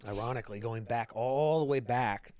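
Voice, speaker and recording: A man's voice: medium pitch, normal speed, a little mellow, slight background noise. Blunt, swearing male podcast host. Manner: blunt, heavy swearing, repeats words when starting. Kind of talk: casual profane chat.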